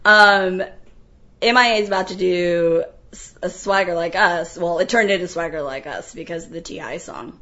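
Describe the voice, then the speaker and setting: Bright-voiced woman telling a wild story. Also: fairly low pitch, moderate pace, muffled recording. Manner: animated, profane, laughs often. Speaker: guest. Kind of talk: casual storytelling.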